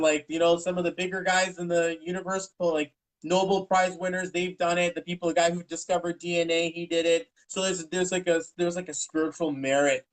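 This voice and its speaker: A man's voice: on the high side, poor audio. A man in his thirties, an interview guest, telling his own story in a frank, rambling way and acting out what people said. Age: 30s. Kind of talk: candid personal storytelling.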